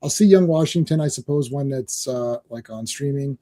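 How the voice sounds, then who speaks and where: A man's voice: mid-range voice, normal speed. A man hosting a casual comics livestream, chatting with co-hosts and greeting viewers in chat. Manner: animated, laughs often, reads chat aloud. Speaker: podcast host.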